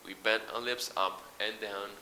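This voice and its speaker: A man's voice: fairly low pitch, steady tone, moderate pace, pushed and bright, a little hiss or hum. A man teaching English pronunciation, explaining patiently, modelling sounds and reading a short text aloud. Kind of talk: recorded pronunciation lesson.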